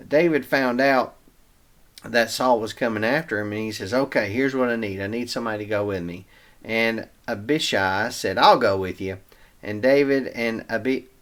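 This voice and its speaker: A man hosting a Bible reading show, retelling scripture in a casual, chatty way with everyday slang. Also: lowish voice.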